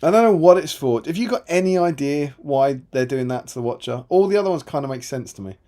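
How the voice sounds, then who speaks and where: A man's voice: on the high side, animated, fast, mellow. A man co-hosting a casual live stream, reading viewer comments aloud with a chatty, laughing manner. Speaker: co-host reading chat comments.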